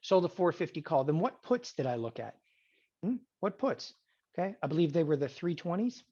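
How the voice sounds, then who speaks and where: A man teaching an options trading class, animated and sarcastic, often acting out students' voices. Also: a little high, moderate pace, husky. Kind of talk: classroom lecture. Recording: dull lo-fi sound.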